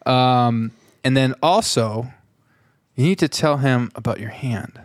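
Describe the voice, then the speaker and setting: A man hosting a podcast, chatting in an excitable way and hyping up his guest. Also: medium pitch, slow pace, no echo, studio quality. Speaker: podcast host. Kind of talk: casual chat.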